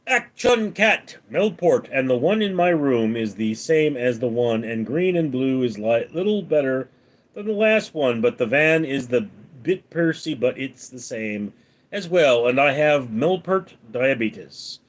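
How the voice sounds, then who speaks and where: A man hosting a late-night live stream, reading viewer comments aloud and answering them with deadpan one-liners. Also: medium pitch, measured pace. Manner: deadpan quips between read-out comments. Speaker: livestream host reading chat.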